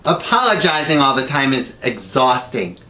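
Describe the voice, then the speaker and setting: A man's voice: mid-range voice, sing-song, normal speed. A man hosting a web series, telling self-deprecating comic stories full of pop culture jokes. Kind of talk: comic monologue. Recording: echoey room, distant mic, music underneath.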